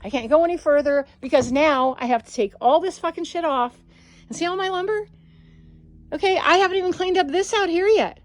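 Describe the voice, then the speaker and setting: A woman's voice: extremely high pitch, a little fast. A woman dog breeder, ranting and swearing in a casual vlog as she walks around her deck. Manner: frustrated, swears constantly, ranting. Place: outdoors on a home deck.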